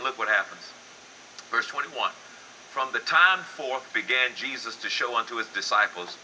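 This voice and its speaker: An older man delivers a sermon. His voice is very bright and forward, and he swings from low, hushed lines to loud, high-pitched exclamations. A faint noise sits under the recording. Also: poor audio. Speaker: pastor.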